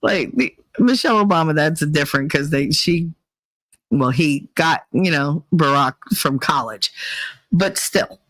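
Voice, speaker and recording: A woman's voice: deep voice, animated, unhurried, fairly bright tone, no echo. A woman hosting a casual talk show, telling stories in a blunt, profane and rambling way. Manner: blunt and profane, heated retelling; rambling with many restarts. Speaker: podcast host. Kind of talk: casual opinion chat and storytelling.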